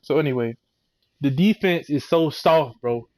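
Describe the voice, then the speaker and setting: A man's voice: fairly high pitch, a little slow, a little mellow. A young man ranting a football recap, heated and exasperated, full of slang and mocking quotes. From Florida. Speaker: sports vlogger.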